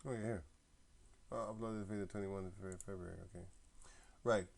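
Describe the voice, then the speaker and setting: Telling a story as a camp member, this man rants in profane, slangy, casual fashion, playing both parties in heated phone arguments. He speaks fairly quickly in a gravelly voice on the low side, with a steady tone, and sometimes wanders away from the mic.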